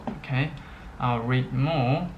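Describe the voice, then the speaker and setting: Very slow, halting male teacher. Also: mid-range voice, muffled recording, a little hiss or hum. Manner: slow and halting, with many pauses and fillers; checks in often with "okay". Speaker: Chinese language teacher. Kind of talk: unscripted language lesson.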